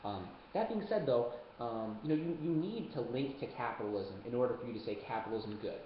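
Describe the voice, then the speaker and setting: A young man coaching debate into a webcam in a casual, joking way, full of quick asides. His voice sits at an ordinary pitch. The audio is dull and roomy, with a faint hiss behind it. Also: expressive. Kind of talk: webcam lesson. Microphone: webcam mic.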